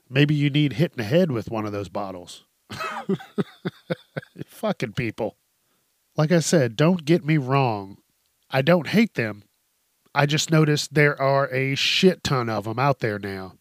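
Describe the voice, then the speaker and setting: A man's voice: mid-range voice, animated, slow, pauses often, no echo, clean studio sound. A man hosting a podcast, ranting bluntly in casual chat, swearing freely and laughing often. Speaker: podcast host. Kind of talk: casual solo rant.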